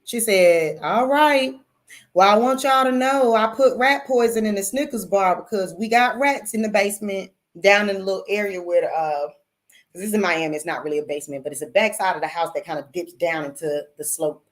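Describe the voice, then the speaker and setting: A woman host spins a personal story in loose, casual talk, cursing as she goes. She speaks straight to her listeners and keeps calling them y'all. Her pitch sits in a middle range for a woman. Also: brisk. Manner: animated, profane, addresses audience as y'all.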